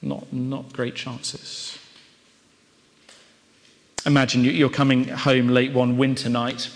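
A male preacher delivers a sermon at an unhurried, measured pace. He stacks up rhetorical questions for dramatic effect. His voice rings out with a long reverb, as if filling a large church hall. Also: mid-range voice, level tone, a little hiss or hum.

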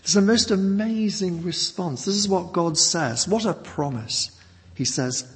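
Gravelly preacher in a reverberant hall. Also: male voice, sits high. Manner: measured, emphatic teaching with pauses. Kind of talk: sermon.

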